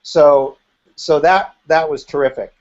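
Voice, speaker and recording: A man's voice: fairly high pitch, steady tone, measured pace, a little mellow, dull audio. A man in his fifties, a guest in an interview, telling his story in a frank and occasionally profane way. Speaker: interview guest, former group member.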